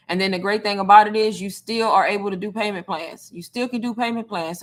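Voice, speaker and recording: A young adult woman hosting a casual livestream, talking to her viewers in a chatty, rambling way. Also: medium pitch. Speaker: online business livestream host.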